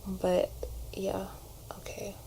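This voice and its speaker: Casting note: woman vlogger, relaxed get-ready-with-me chat, mellow voice with some vocal fry, camera mic at home. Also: medium pitch, drawn-out words, a little hiss or hum, rough recording. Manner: chatty, rambling, many "like" fillers. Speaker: vlogger and actor. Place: at home, doing makeup in front of a mirror. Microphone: camera propped on a shelf.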